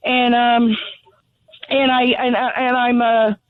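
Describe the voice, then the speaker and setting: A woman's voice: on the high side, level tone, slow pace, no echo. Furious breathless woman on a tinny phone line. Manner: furious, blunt, sarcastic. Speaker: caller. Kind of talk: call-in radio rant. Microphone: telephone.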